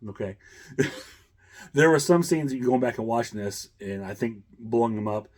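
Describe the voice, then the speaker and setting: A man's voice: medium pitch, animated, normal speed, darkish tone. A man hosting a casual chat, rambling with many fillers and chuckles. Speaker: host.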